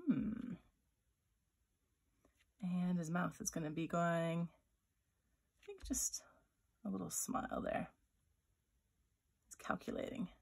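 A woman's voice: lowish voice, steady tone, a little slow, vocal fry, pauses often, in a whisper. A woman author-illustrator leading a children's drawing tutorial, thinking aloud as she sketches and chatting playfully. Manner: voices little sound effects for her drawings.

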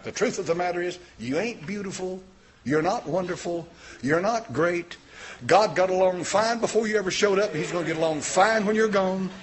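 An older male pastor delivers a sermon with a fairly high voice. He talks plainly and folksily, then builds from quiet, close talk to shouted fervor. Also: normal speed. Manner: folksy, plain-spoken preaching.

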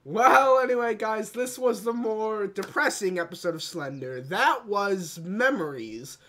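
A gaming video creator doing let's play commentary, talking to the game and breaking into dramatic shouts and cries. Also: mid-range voice, expressive, a little slow.

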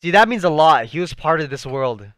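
A young man hosting a live anime reaction, talking excitedly to the screen in slangy, casual speech. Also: a little high, a little fast, no room sound, studio quality. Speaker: anime reaction channel host.

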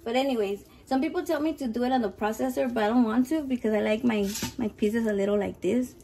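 A woman's voice: on the high side, quick pace, vocal fry, warm tone. A brash woman chatting in a casual cooking vlog from her home kitchen, swearing constantly and mixing in Spanish words. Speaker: home cook vlogger.

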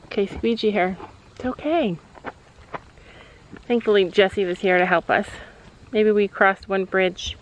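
A woman's voice: mid-range voice, measured pace, pauses often, lo-fi sound, a little hiss or hum. A woman chatting casually to her camera outdoors at a horse barn, soothing a frightened horse. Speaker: vlogger and mother. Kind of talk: casual vlog narration.

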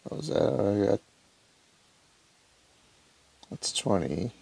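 A man casually commenting to himself as he plays a mobile action game, relaxed and muttering. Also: lowish voice, moderate pace, vocal fry, breathy edge. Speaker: mobile gamer.

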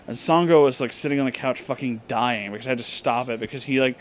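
A drunk man hosting a comedic movie review, ranting with heavy profanity and loud outbursts. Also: medium pitch, fast, slight background noise.

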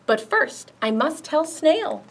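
A woman voicing a sleepy, gently grumbling female bear in a children's picture book read-aloud. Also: high voice, sing-song, slow, gravelly, pitched above the performer's own voice, exaggerated voice.

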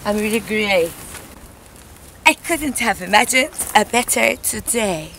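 Brief: an over-excited, gushing visitor, lively pitch. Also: female voice, unhurried, noisy background. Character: giddy woman meeting long-lost family.

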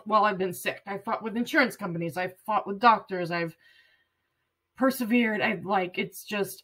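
A woman in her late thirties speaks straight to the camera in a personal vlog. She is earnest and rambling, and she stays close to tears. Her voice sits at an ordinary middle pitch. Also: a bit bright, breathy edge. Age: 30s. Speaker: vlogger.

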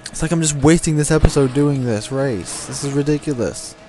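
This gameplay commentator has a mid-range voice and brisk pace as he drives in a racing game. He curses and grumbles at the cars in frustration, addressing the game while its music and car noises play behind him.

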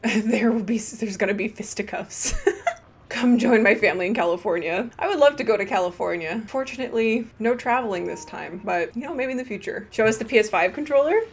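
A woman's voice: fairly high pitch, brisk. Bubbly, giggly woman streamer. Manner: bubbly and giggly, reads chat aloud with excited exclamations. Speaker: livestream host. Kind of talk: casual live-stream chat while gaming.

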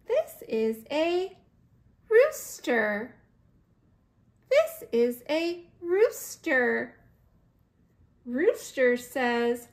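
Slow, high-voiced woman teaching toddlers. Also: big pitch swings. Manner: repeats single words slowly and clearly. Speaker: preschool teacher. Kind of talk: slow first-words lesson for toddlers.

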